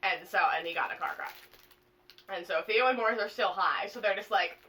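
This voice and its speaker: A young woman vlogger casually retelling a plot to a friend, animated and full of swearing and fillers. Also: medium pitch, brisk, distant mic, rough recording.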